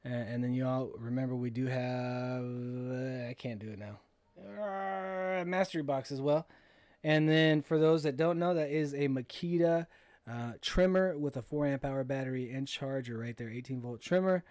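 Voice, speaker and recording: A man's voice: mid-range voice, normal speed, a little mellow, dry recording. A man hosting a casual livestream, reading viewer comments aloud and answering them in an easygoing way. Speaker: livestream host.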